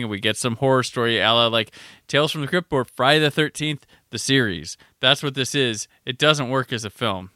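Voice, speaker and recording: A man's voice: medium pitch, pushed and bright, no room sound, clean studio sound. A man hosting a podcast, chatting casually and animatedly about a film, with a rambling style full of "like". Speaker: podcast host.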